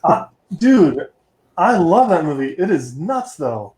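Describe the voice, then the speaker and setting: A man hosting a podcast in casual chat, upbeat and quick to laugh. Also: a little high. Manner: laughs often, lively and upbeat. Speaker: podcast host. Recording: roomy echo.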